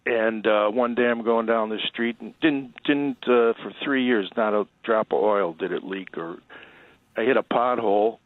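A man's voice: on the low side, moderate pace, no echo. Man telling a story over a tinny line. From Chicago. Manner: rambling anecdote with acted quotes. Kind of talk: casual storytelling.

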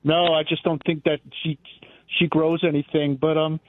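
Male radio caller, stumbling and restarting, higher pitch, narrow phone-line sound. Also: level tone, slight background noise. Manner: halting, tongue-tied, many restarts. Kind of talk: casual call-in chat.

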